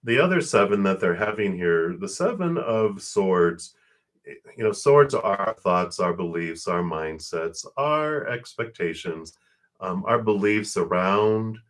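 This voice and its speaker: A man giving live tarot card readings to viewers, talking quickly and warmly about spirit and energy, often laughing and calling himself out of breath. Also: deep voice, animated.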